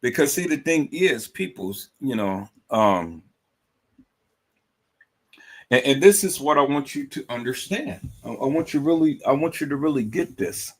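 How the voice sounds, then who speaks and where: Husky and medium-pitched, his voice is animated but a little slow as he hosts a livestream. His commentary is emphatic, repetitive and full of profanity, and he keeps calling out to viewers.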